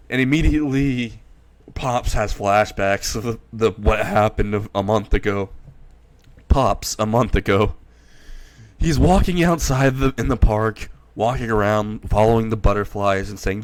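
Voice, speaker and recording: A man's voice: on the low side, a little slow, no echo. A man casually retelling a comedic crossover story, rambling with restarts.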